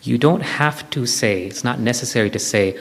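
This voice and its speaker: In a reverberant hall before an audience, a spiritual speaker lectures, explaining things step by step with everyday examples. His gravelly voice sits at medium pitch and keeps a moderate pace.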